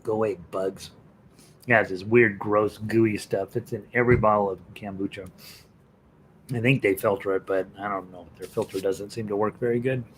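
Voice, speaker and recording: A man's voice: lowish voice, steady tone, normal speed, a little hiss or hum. A middle-aged man teaching a casual live-stream ukulele class, chatty and joking with students, counting in the tunes. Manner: counts in and calls out notes while playing.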